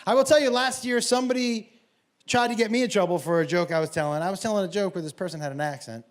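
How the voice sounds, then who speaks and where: Loud, profane stand-up comic man. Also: sits high, fast talker. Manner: loud, profane storytelling with bursts of shouting. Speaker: stand-up comedian. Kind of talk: stand-up comedy set. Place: comedy club stage before a laughing audience. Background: audience laughter and room ambience.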